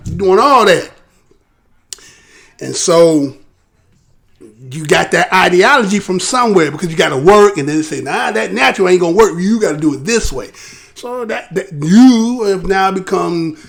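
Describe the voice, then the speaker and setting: An American man with a high-pitched, slightly bright voice and some vocal fry hosts a live show. His casual commentary is chatty and rhetorical, and he often caps his points with "right?"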